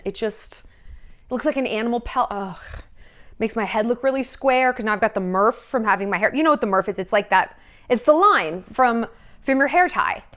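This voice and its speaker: A woman's voice: fairly high pitch, a bit bright. Brash, sarcastic woman gossip vlogger. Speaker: vlogger host. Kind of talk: casual celebrity gossip vlog.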